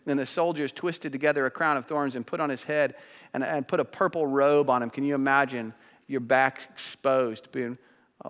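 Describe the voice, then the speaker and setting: A man preaches from a church sanctuary in an ordinary mid-range voice. He drops to hushed, slow phrases, then climbs to loud, high peaks. His words ring out with a long reverb from the hall around him. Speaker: pastor. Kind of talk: sermon.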